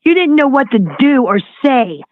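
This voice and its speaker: A woman's voice: high-pitched, sing-song, normal speed, no echo. A woman ranting on a livestream, mocking and scornful, swearing constantly. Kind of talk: heated livestream rant. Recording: tinny phone-like line.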